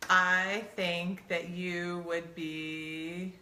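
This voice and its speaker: A woman's voice: fairly low pitch, little pitch movement, very slow, pushed and bright, reverberant. A middle-aged woman co-hosting a show, chatting casually and teasingly with her husband, laughing often. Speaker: podcast co-host. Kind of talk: casual chat with spouse.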